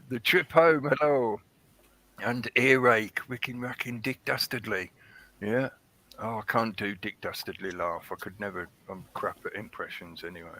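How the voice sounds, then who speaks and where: A man's voice: mid-range voice, vocal fry, pushed and bright. A man hosting a casual livestream, chatting in a rambling way and greeting viewers in the chat by name. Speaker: livestream host. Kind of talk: casual live-stream chat.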